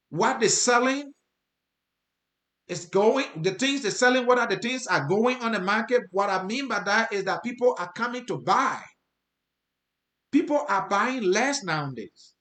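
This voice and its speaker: A man's voice: high-pitched, sharp tone. A man with a Liberian accent giving commentary to his viewers, earnest, repeating his points for emphasis. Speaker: host. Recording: roomy, echoey sound.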